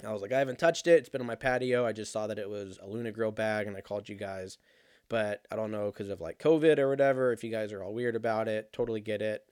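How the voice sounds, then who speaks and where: A young man telling a rambling, profane story in a casual monologue, animated and laughing at himself. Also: fairly low pitch, fast, clear, resonant tone, no room sound, studio quality.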